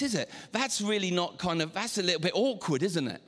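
A man preaching a sermon to a congregation, animated, acting out voices and now and then shouting. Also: sits high, a little fast. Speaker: pastor. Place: church auditorium. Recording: long hall reverb.

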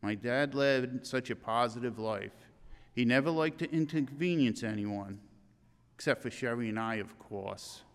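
A man's voice: mid-range voice, clean tone. Older man with church reverb. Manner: earnest, halting reading with restarts. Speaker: eulogist. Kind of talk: eulogy reading.

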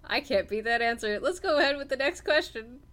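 A woman's voice: sits high, animated, brisk, fairly bright tone. A woman hosting a casual podcast chat, easily amused and earnest when sharing her views. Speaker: podcast host.

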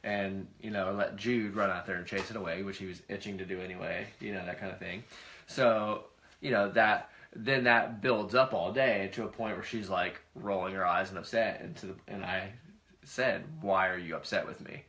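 A man's voice: lowish voice, fairly even intonation, normal speed, fairly bright tone. A middle-aged man co-hosting a casual talk show, rambling a little as he tells family stories. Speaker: podcast co-host. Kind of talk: casual conversation.

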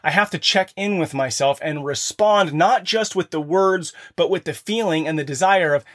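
A man in his thirties or forties, with a voice on the high side at normal speed, hosts a podcast for fathers. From his home office he gives an earnest motivational monologue, speaking directly to listeners.

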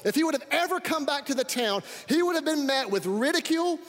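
A man preaching a sermon as pastor, energetic and calling out to his congregation. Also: extremely high pitch, fast. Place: church sanctuary. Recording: reverberant hall.

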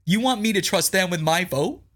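A man reads news items aloud and breaks off into incredulous commentary. His pitch leaps around animatedly as he rants, and he hammers points home by repeating them. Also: animated, moderate pace, a bit bright, breathy edge. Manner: incredulous, ranting, repeats lines for emphasis. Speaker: political commentary podcast host. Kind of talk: opinionated commentary, reading news aloud and reacting.

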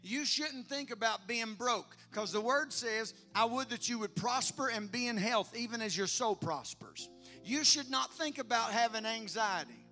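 A pastor preaches a sermon in a high, bright, forceful voice that is expressive and delivered at normal speed. He hammers points home with emphatic bursts, then swings down to near-hushed lines and chatty asides to the congregation. Faint music plays underneath.

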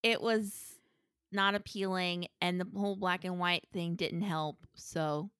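A woman's voice: lowish voice, fairly even intonation, a little slow, fairly bright tone, smooth, no echo. Frank woman podcaster, dry sound. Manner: frank, laughs between remarks. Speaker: podcast co-host. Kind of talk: casual movie review chat.

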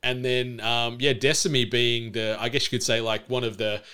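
A man talking casually on a podcast, recapping an episode with enthusiasm and frequent fillers. His voice is bright and forward. Every word is crisp and smooth. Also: medium pitch, flat delivery, moderate pace. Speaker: podcast co-host. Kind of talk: casual chat.

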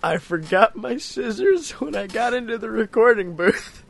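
A man's voice: high voice, very animated, normal speed, gravelly. A man co-hosting a podcast in casual chat, loose and profane, laughing easily. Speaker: podcast co-host.

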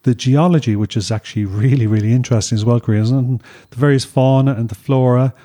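A man's voice: medium pitch, fairly even intonation, fast, warm tone. Chatty man hosting outdoors. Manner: chatty, addresses listeners as folks. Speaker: travel show co-host. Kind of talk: casual travel chat. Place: on a beach outdoors.

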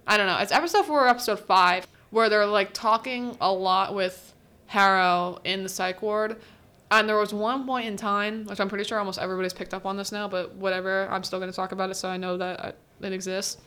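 Student podcast host, young woman, casual and giggly, average pitch. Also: steady tone, a little fast, bright, forceful tone, clean tone. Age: teens. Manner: chatty, laughs often, quotes characters in little voices. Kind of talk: casual solo recap chat.

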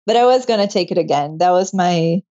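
A woman's voice: lowish voice, expressive, a little fast, mellow. A young woman guest and medical student telling her story in a casual interview, laughing often. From moved to Canada. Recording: muffled lo-fi audio.

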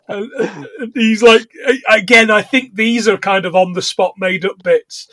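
Brief: middle-aged man, podcast co-host, high voice, dry close sound, chatty and giggly, slips into silly voices. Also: unhurried, bright, forceful tone, no room sound. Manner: laughs often, retells scenes with rough put-on voices. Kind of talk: casual chat recapping a film.

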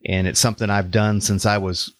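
A man's voice: on the low side, level tone, a little fast, no echo. A man with a Texas accent hosting a faith podcast interview, upbeat and welcoming. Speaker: podcast host and life coach.

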